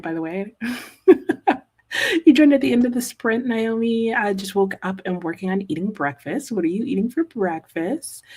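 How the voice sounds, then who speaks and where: A woman's voice: medium pitch, darkish tone, husky. A woman hosting a live reading stream, chatting casually and reading out viewers' comments with frequent "ooh"s and "uh"s. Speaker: livestream host reading chat.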